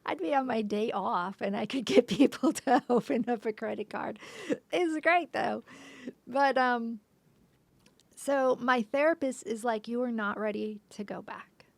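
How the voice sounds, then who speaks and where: On a podcast, a woman with a slightly high, gravelly voice haltingly tells a painful story from her life, restarting and often dropping into a soft whisper. The recording is dry.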